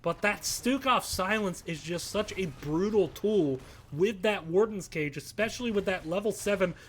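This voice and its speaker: A man giving live play-by-play commentary on an esports match, calm between plays and shouting with excitement at big fights. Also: high-pitched, normal speed, a little hiss or hum. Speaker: esports caster.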